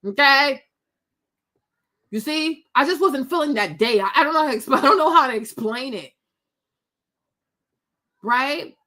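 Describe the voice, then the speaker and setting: High bright sassy woman vlogger. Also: measured pace, long pauses. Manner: animated, sassy, laughs often, acts out quotes. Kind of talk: casual storytime chat to viewers.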